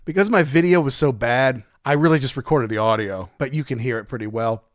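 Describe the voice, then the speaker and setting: A man's voice: medium pitch, brisk, no room sound, clean studio sound. A man co-hosting a rock podcast, telling concert stories in casual chat, acting out quotes and laughing often. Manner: animated storyteller who acts out quotes and laughs often. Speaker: podcast co-host.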